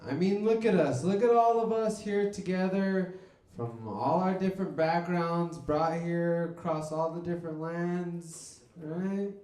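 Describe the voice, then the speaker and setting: A man of Mexican background doing a deadpan stand-up set in a comedy club. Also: high voice, measured pace. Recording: echoey club room.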